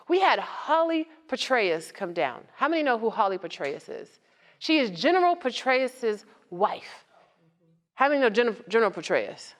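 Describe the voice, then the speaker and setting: A woman giving a motivational talk to a live audience as a nonprofit founder, conversational and joking, often asking the crowd questions. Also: a little high. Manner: lively, conversational, asks the audience questions and jokes.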